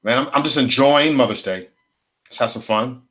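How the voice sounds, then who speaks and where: A man riffing live to his chat. He circles back over the same phrases again and again, loose and slangy, with plenty of cursing. His pitch sits right in the middle for a man. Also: normal speed, a bit bright. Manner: rambling, repetitive, slangy and profane. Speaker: livestream host. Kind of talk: casual livestream rant.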